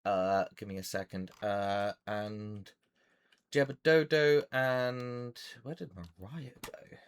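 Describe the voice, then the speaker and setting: A man's voice: fairly low pitch, steady tone, slow, clear, resonant tone. A man narrating as game master for a tabletop game, rambling with many fillers.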